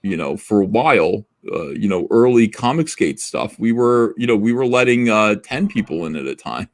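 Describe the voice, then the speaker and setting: A man's voice: fairly low pitch, animated, moderate pace. A man hosting a livestream over a remote call, telling rambling anecdotes in blunt, profane casual chat. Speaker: livestream host.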